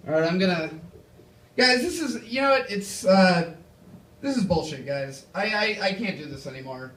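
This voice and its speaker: Young stand-up comic, high sharp voice, echoey club from a distance; rambling storyteller. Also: male voice, animated, normal speed, a little hiss or hum. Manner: rambling, self-deprecating storytelling with fillers. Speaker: stand-up comedian. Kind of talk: stand-up comedy set. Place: comedy club stage. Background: audience laughter.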